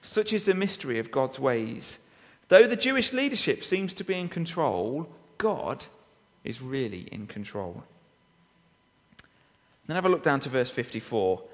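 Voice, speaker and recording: A man's voice: mid-range voice, very animated, a little slow. A man preaching a sermon, reading and expounding scripture with frequent rhetorical tag questions. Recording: long reverb of a hall.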